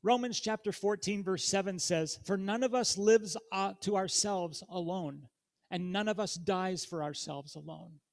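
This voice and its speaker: A guest preacher with a notably high voice delivers a sermon in church, first reading scripture aloud. He then shifts to a conversational tone and puts direct questions to the congregation.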